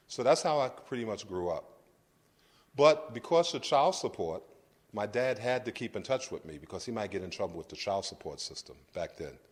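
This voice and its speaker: Middle-aged new guy, lowish voice, telling his life story in a lecture, halting, keeps restarting. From Brooklyn, New York. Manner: conversational, halting, with frequent restarts. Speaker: guest lecturer.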